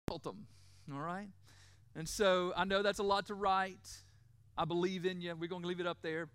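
A middle-aged male pastor giving a sermon. He stresses key words, slows down to repeat them, and often checks in with "right?". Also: high voice, fairly bright tone, no echo. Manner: emphatic, repeats key words slowly, asks the crowd "right?".

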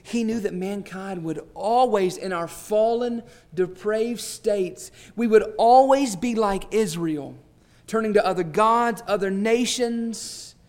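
A man preaching a sermon, swelling to emphatic peaks and dropping to hushed, drawn-out phrases. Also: sits high. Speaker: pastor.

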